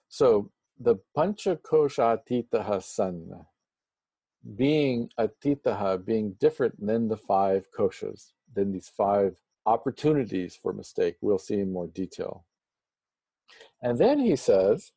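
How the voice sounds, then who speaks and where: A man giving a spiritual lecture, explaining Sanskrit terms slowly and deliberately, with touches of playful humor. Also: lowish voice, expressive, creaky, dark tone, breathy edge, no echo. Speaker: Vedanta teacher.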